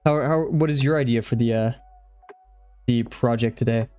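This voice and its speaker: A man's voice: mid-range voice, normal speed, mellow, soft background music. A young man chatting casually on a live stream while he draws, out of breath, rambling and easily sidetracked.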